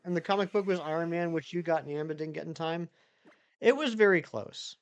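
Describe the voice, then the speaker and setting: A man's voice: fairly high pitch, brisk, clean tone, soft background music. A man live-streaming who chats loosely with viewers, reads their messages aloud and rambles with many restarts. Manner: rambling, chatty, reads chat aloud and answers it. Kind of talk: casual live-stream chat.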